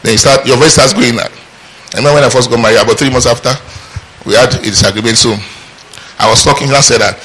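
A middle-aged man preaching a sermon in an animated, rhetorical and humorous way. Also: medium pitch, fast talker, pauses often, slight background noise, poor audio. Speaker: pastor.

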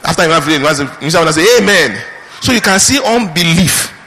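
A man pastor preaching a sermon with lively rhetorical questions. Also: a little high, fast. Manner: animated preaching with mimicked prayers and rhetorical questions. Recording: reverberant hall.

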